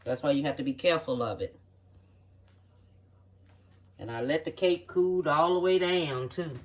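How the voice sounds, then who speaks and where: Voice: mid-range voice, unhurried. A home cook walking viewers through a recipe in a folksy, chatty way, checking in often with the audience, in a home kitchen. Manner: folksy, chatty step-by-step instructions with frequent "okay?" check-ins. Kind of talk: cooking demonstration. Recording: voice distant from the mic.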